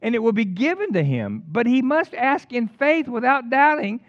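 An older man preaching a sermon in an animated storytelling way, with casual slang. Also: extremely high pitch, normal speed, dry recording. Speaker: pastor. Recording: dull lo-fi dry recording.

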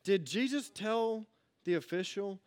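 A man giving a casual youth sermon, energetic and full of rhetorical questions, swinging between loud and hushed. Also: sits high, unhurried. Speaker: youth pastor.

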